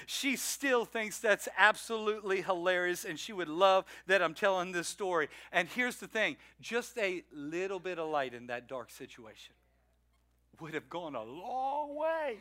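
Male pastor, high bright voice, dry close sound, animated storyteller sermon. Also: normal speed, no room sound. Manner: storytelling, animated, self-mocking, with laughs. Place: church sanctuary.

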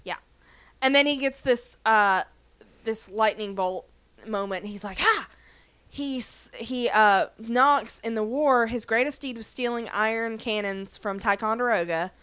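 A woman's voice: fairly high pitch, a little slow, a bit bright, smooth, no echo. A woman co-hosting a podcast, casually recapping a TV episode and playfully quoting the characters as she laughs along. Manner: chatty storyteller, quotes characters in playful voices, laughs often. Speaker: podcast co-host.

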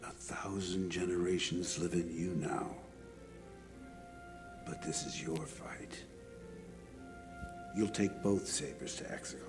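Luke Skywalker, a hushed, deep old mentor. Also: male voice, steady tone, takes it slowly, pauses often. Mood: solemn. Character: aged male warrior mentor, calm and solemn. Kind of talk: film dialogue clip. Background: film score music.

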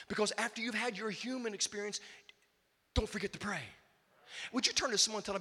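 Emphatic high-voiced male pastor preaching. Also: quick pace, in a large hall. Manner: emphatic, swings from shouting to hushed intensity. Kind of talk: sermon.

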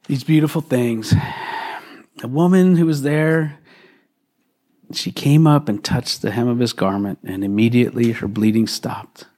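In a church hall, a pastor with a medium-pitched, dark-toned voice preaches a conversational sermon to his congregation, asking questions and laughing often.

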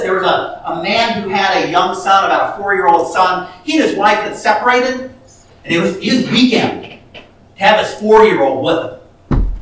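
A man's voice: high voice, a bit bright, slight background noise. A man preaching a sermon, telling a story with many restarts and rising to emphatic peaks. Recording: echoey hall from far off.

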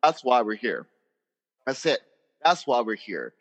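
A man's voice: medium pitch, big pitch swings, a little slow, a bit bright, long reverb tail, muffled recording. A man hosting a casual chat over a video call, talking with passion and repeating himself for emphasis. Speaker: podcast host.

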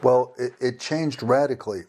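A middle-aged man, a former missionary, telling stories in an interview in a lively way and acting out the people he quotes. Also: mid-range voice, moderate pace. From United States. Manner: animated, acts out quoted voices. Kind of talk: conversational interview storytelling.

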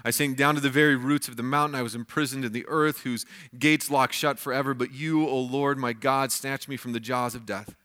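Male pastor, bright forceful voice, reads and explains scripture. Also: medium pitch, steady tone, fairly quick, hardly any pauses. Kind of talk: sermon.

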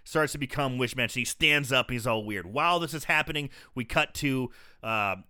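A man's voice: mid-range voice, normal speed, sharp tone. A man in casual chat, retelling a horror movie's scenes with swearing and jokes. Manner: swearing, joking, retells scenes in put-on voices. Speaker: podcast co-host.

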